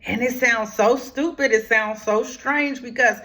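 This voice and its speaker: A woman therapist hosting a talk on grief, speaking emphatically and straight to her listeners, dropping to a hush one moment and rising with force the next. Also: fairly high pitch, unhurried. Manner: emphatic, preacherly, talks straight to listeners with "y'all"; swings from hushed whispers to raised, forceful lines. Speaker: grief therapist and channel host.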